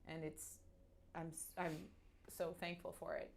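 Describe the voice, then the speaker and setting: A woman, candidly telling a personal story in a halting, animated way full of restarts. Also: deep voice, gravelly, a little hiss or hum. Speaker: guest.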